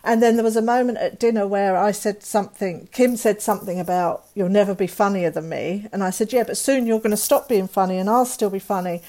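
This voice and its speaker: A woman's voice: medium pitch, steady tone, fairly quick, few pauses, dark tone. A middle-aged woman, a guest telling a painful personal story candidly and acting out the dialogue of others.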